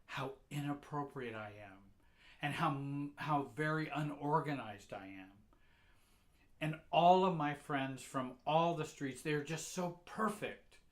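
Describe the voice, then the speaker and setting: A man narrating a painful first-person memory quietly and reflectively, with halting repeats. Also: mid-range voice.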